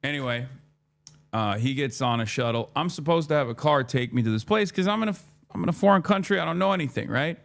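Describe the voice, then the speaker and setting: Here a gravelly, medium-pitched man in his thirties talks fast while streaming and recounting a story. Cursing frequently, he keeps it animated and voices his own dialogue.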